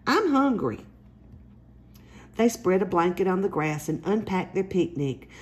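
A woman reading a children's picture book aloud as storyteller, with a gentle, even delivery. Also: on the low side, moderate pace.

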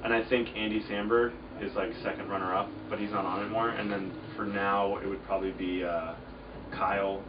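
A young man talks in a low, relaxed voice, rambling through his answers with plenty of fillers. He sounds set back from the microphone, and the recording is muffled, with clear background noise throughout. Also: brisk, recorded from a distance. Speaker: interview guest, DJ. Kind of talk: casual interview chat. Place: at an outdoor festival.

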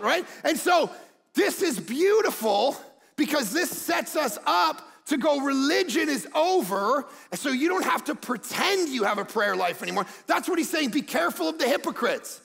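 A man in his forties preaching a sermon as pastor, telling stories animatedly and shouting some lines for emphasis. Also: very high-pitched, moderate pace, creaky, long reverb tail. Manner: animated storytelling, acts out quotes, shouts for emphasis.

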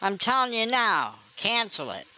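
A woman's voice: medium pitch, big pitch swings, moderate pace, a crowd in the background, lightly acted. A woman voicing a cranky, foul-mouthed older man on a prank phone call, impatient and swearing. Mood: furious. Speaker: scam baiter.

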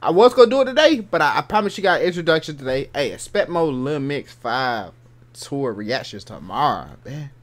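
A man's voice: fairly high pitch, very animated, normal speed. A man hosting a reaction video, talking casually and slangily to his viewers. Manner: laid-back slangy asides, calls viewers bro.

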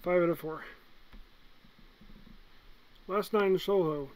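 A young man with a slightly high voice ranks movies in an easygoing vlog. He talks bluntly and excitably, jumping from loud bursts to low mutters. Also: slow, a little hiss or hum, low-quality recording. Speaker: movie reviewer. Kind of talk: casual movie ranking vlog.

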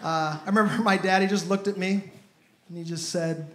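High voiced guy in his 30s doing standup, echoey stage. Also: steady tone, brisk, fairly bright tone, a little hiss or hum. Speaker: stand-up comedian. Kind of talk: stand-up comedy set. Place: comedy stage.

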